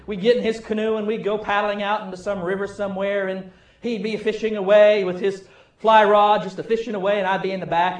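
A middle-aged man preaching a sermon, telling wry stories and praying, with his loudness rising and falling. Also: high voice, reverberant. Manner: storytelling, wry, varies loudness widely. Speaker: pastor. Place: church sanctuary.

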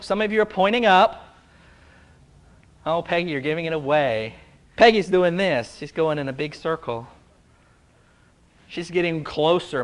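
A man with a high voice delivers a sermon in a loose, conversational way. He keeps it playful and throws questions out to the people in front of him. He sounds like a pastor speaking to a congregation in a church. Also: a bit bright. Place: church before a live congregation.

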